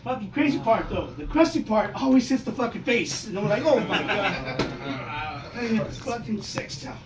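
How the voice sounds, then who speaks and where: Man, 50s, high-pitched, profane stand-up comic, roomy distant recording. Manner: profane, loud, animated storytelling. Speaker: stand-up comedian. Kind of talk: stand-up comedy set. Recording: echoey room, mic heard from a distance, noisy.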